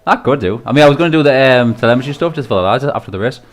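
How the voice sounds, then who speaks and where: A man's voice: medium pitch, expressive, very fast. Chatty man commentating a race stream. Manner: chatty, laughs often, swears casually. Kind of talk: casual live-stream commentary.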